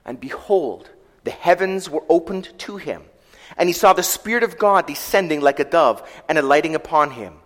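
A man preaching a sermon, retelling scripture in a storytelling way, slowing down for quoted verses and letting his volume rise and fall. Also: on the high side, animated, fairly bright tone. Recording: long hall reverb.

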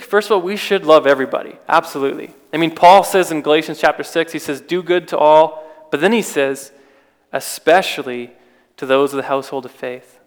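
A man delivers a relaxed, conversational sermon in a fairly high voice, often restarting his sentences and asking rhetorical questions. His voice rings out with a long reverb, as in a large hall. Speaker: preacher. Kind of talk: informal sermon.

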